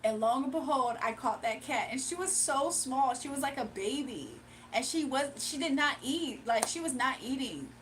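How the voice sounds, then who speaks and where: A woman's voice: sits high, lively intonation, moderate pace, far from the mic, noisy background. A young woman hosting a casual livestream, chatting with her viewers, gushing and laughing often. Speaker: livestream host.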